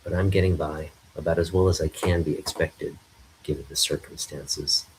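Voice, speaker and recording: A man voicing a worried young woman reporter, soft and pondering, reading a comic aloud. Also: rumbling low, steady tone, normal speed, slight background noise, poor audio.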